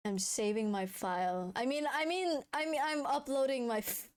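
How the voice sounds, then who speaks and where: A woman streamer chatting casually on a live stream, excitable, laughing a lot and swearing. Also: high voice, normal speed, a little hiss or hum.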